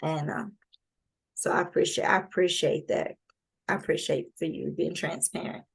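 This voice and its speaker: A woman hosting a casual interview, talking in quick animated bursts with colloquial speech. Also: sits low, vocal fry, breathy edge. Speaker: interview host.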